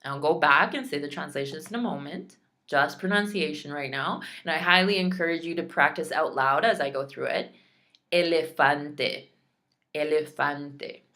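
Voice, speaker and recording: Woman teacher, low voice, bright tone, slow clear word drills, chatty asides. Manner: clear, drawn-out pronunciation drills; chatty and self-teasing. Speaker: Spanish teacher. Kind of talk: recorded class lesson.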